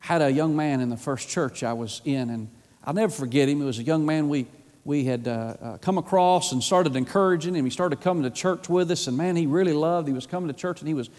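High-voiced preaching man in a reverberant hall. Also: brisk. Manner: impassioned preaching that swings from loud to hushed. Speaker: pastor. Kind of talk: sermon. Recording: long reverb of a large church hall.

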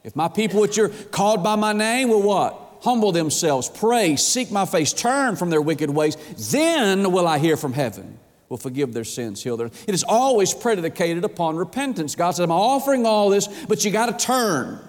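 High-voiced preacher in an echoing hall. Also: male voice, expressive, moderate pace. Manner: emphatic preaching with repeated rhetorical questions. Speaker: pastor. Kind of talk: sermon. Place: church sanctuary.

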